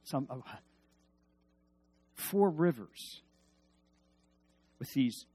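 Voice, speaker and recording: A male preacher giving a sermon, swinging between loud emphasis and hushed asides and leading the congregation in call-and-response. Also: mid-range voice, expressive, drawn-out words, breathy edge, soft background music.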